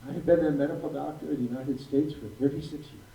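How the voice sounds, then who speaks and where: A man's voice: fairly high pitch, steady tone, fast talker, vocal fry, mellow. A man in his sixties, a physician giving a prepared talk to a live audience, speaking emphatically and repeating key phrases for weight. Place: school hall. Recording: roomy, distant mic with faint noise.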